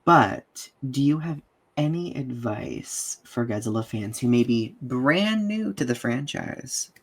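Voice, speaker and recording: Warm, affirming man hosting a podcast. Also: medium pitch, animated, takes it slowly, slightly rough. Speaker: podcast host. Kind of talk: casual interview.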